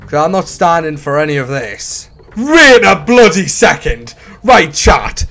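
A man doing casual let's play commentary on a horror game, excitable and bursting into shouts. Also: a little high, a little slow. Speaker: gaming YouTuber.

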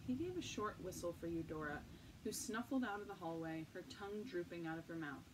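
A woman narrating a novel in a calm, measured storytelling voice. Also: fairly low pitch. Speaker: audiobook narrator. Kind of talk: scripted narration. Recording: distant mic, faint noise.

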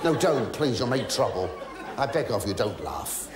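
A medium-pitched male comedian tells a stage story at normal speed with big pitch swings, stammering and muttering gossip before erupting into shrieks and mock pleas. The theatre recording is reverberant, with crowd noise and laughter.

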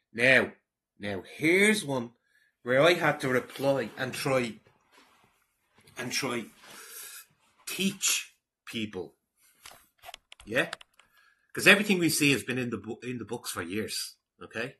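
Bright-voiced, rambling Irish man. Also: medium pitch, sing-song, slow, pauses often. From Ireland. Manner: rambling, combative, mocking. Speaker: online commentator. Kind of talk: casual vlog reading out comments.

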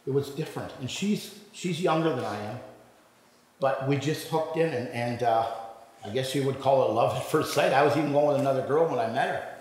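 A man in his sixties tells his personal testimony in a loose, rambling way, full of restarts and fillers. His voice sits in a middle pitch. It rings through a church hall with heavy echo and a long reverb tail. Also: a little fast, a little mellow. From Ontario, Canada. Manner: rambling, conversational storytelling with many restarts and fillers. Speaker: guest speaker giving testimony.

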